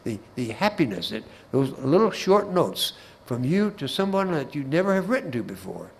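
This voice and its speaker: A man's voice: medium pitch, very animated, moderate pace, gravelly, slight background noise, rough recording. A man giving a Bible class talk in a folksy way, with humorous anecdotes and asides, often repeating words as he restarts a phrase.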